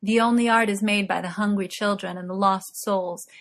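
A woman reading aloud, voicing a fiery young male poet who rants loudly and dramatically. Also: medium pitch, fairly even intonation, normal speed, lightly acted. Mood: ranting. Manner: loud, impassioned ranting.

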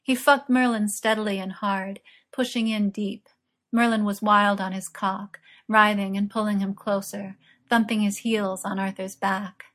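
A woman reading an audiobook as narrator, in a calm, even storytelling manner. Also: mid-range voice, a little slow. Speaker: audiobook reader. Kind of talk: scripted narration.

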